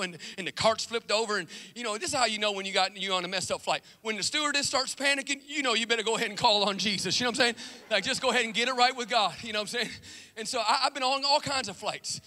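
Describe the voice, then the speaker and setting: A man preaching an animated church sermon, with shouted refrains and casual, chatty asides. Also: high-pitched, long reverb tail. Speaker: pastor. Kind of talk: energetic sermon.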